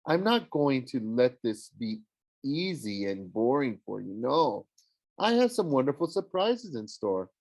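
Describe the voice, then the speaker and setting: A man's voice: medium pitch, big pitch swings, a little slow, darkish tone. A man doing Aphrodite, a gushing love goddess. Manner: gushing, theatrical, sing-song. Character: swooning, dramatic goddess of love, woman. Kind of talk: audiobook character voice.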